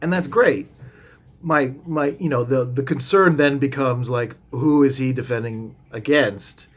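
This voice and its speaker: A man's voice: medium pitch, unhurried. A man vlogging as he tells a rambling story in a loose, casual way, full of restarts and asides, with the odd swear word.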